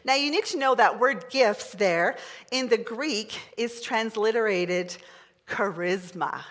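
A middle-aged woman pastor preaching a sermon, chatty and excitable, leading the congregation in call-and-response. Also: a little high, slow pace. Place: large church hall. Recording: long hall reverb.

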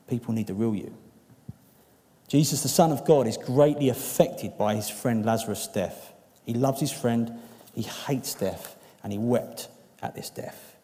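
Earnest preacher in a reverberant hall. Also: male voice, mid-range voice. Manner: earnest, building to emphatic peaks then softening to quiet, intimate appeals. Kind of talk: sermon. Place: church hall.

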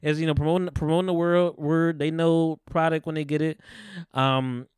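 A man with a somewhat high, smooth voice talks through a podcast in casual chat. He rambles and gets animated, swearing offhand and acting out quotes. The sound is dry and close. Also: moderate pace, no echo. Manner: rambling, animated retelling with profanity and acted-out quotes. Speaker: podcast host.

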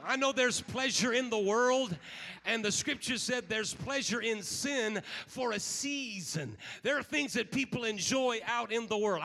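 A man preaching a sermon, shifting between shouted exhortation and quiet scripture reading. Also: very high-pitched, creaky.

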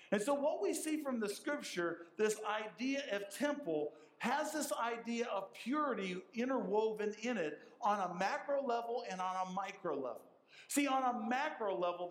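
A man's voice: high-pitched, roomy sound, low-quality recording. A man preaching a sermon as pastor, emphatic and repeating his key phrases for stress. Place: church sanctuary.

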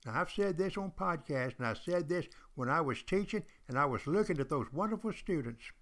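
A man's voice: a little high, animated, a little fast, a bit bright. An older man, hosting a podcast in a folksy, chatty storytelling monologue aimed straight at his listeners. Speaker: podcast host and retired college teacher.

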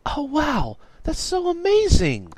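A man voicing an excitable teenage girl who gushes in a high, squealing voice. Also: normal speed, dry recording. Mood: gushing.

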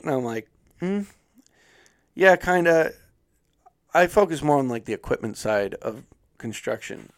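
A man casually telling a funny story on a podcast, acting out other people's lines with a lively put-on voice. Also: mid-range voice, normal speed, creaky, long pauses.

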